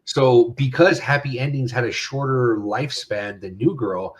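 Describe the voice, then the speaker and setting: A man's voice: mid-range voice, normal speed. A man co-hosting a podcast in loose casual chat, rambling with restarts and swearing. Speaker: podcast co-host.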